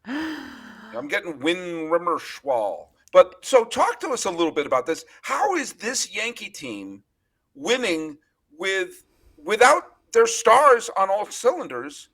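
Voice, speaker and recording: A man hosting a casual sports podcast, chatting in an animated, storytelling way. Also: high-pitched, takes it slowly. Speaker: podcast host.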